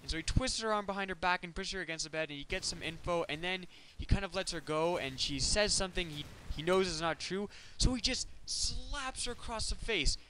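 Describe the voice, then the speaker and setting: Guy ranting over his game footage, high voice, bright and kinda sharp, super animated and disbelieving. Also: fast, few pauses, slight background noise, rough recording. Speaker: gameplay commentator. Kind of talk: casual commentary over gameplay.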